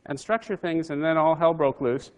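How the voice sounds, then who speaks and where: A man quoting an excited male tech founder in a slightly raised voice while telling a story. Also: on the high side, normal speed, clear, resonant tone, big-room sound, pitched above the performer's own voice, lightly acted, low-quality recording. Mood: eager. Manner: excited, persuasive.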